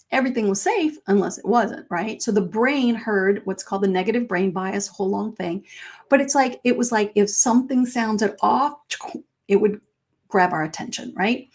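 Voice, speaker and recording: A middle-aged woman, a life coach, talks to her viewers conversationally and a little mellowly. She acts out quoted phrases with big leaps in pitch.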